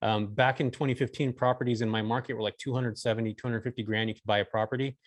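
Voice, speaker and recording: This podcast guest, a man in his forties from California, spins a story casually and drops "dude" and "bro" along the way. His mid-range voice has fairly even intonation and a fast delivery. The casual storytelling interview has no room sound.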